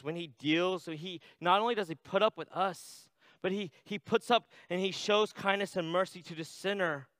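A man's voice: high voice, bright, forceful tone, smooth, dry recording. A man preaching a sermon in a conversational way, reading scripture aloud and adding "right?" asides. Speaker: pastor.

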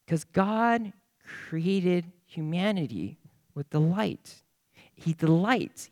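Lively, emphatic male preacher. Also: fairly high pitch, dry recording, clean studio sound. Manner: animated, emphatic, repeats phrases in lists. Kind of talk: sermon.

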